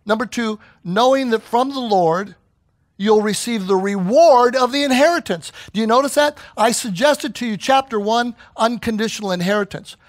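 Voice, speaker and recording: A man's voice: extremely high pitch, normal speed, no room sound. A middle-aged man preaching a sermon as pastor, telling stories and acting out the voices he quotes. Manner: animated storyteller who acts out quoted voices.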